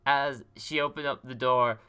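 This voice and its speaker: Bright-voiced man recapping a game. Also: medium pitch, fairly even intonation, normal speed, clear, resonant tone. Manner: rambling, joking, laughs often. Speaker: player recapping the story. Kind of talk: casual tabletop game recap.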